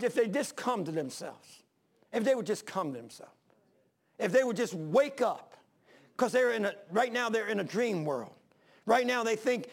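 Gravelly sixty-two-year-old preacher. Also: male voice, sits high. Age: 60s. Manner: fervent, repetitive pleading questions. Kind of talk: sermon.

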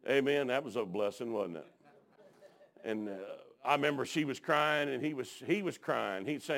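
A man preaching a folksy sermon, telling stories and dropping frequent amens, swinging from hushed to shouting. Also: mid-range voice, normal speed, creaky.

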